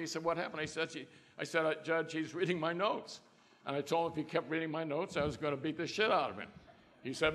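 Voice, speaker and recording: A man's voice: a little high, fast talker, fairly bright tone. An older man, a trial lawyer on a panel, telling folksy anecdotes and acting out the quotes. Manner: folksy storyteller who acts out quotes. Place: conference hall. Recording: long reverb in a conference hall.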